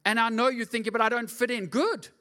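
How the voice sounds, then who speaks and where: A middle-aged man preaching a lively, joking sermon as pastor, often acting out voices in his stories. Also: very high-pitched, quick pace, smooth. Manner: animated, jokey, acts out voices.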